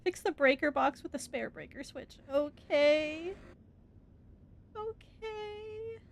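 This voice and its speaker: High-voiced, unhurried woman gaming. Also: animated, slight background noise. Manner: jumpy, scared, swears and laughs nervously. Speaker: streamer playing a horror game. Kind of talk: let's-play commentary.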